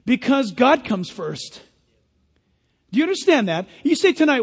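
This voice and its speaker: A man's voice: sits high, very animated, moderate pace, breathy edge. A male pastor preaching a sermon in a church, earnest and emphatic, putting direct questions to the congregation. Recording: long hall reverb.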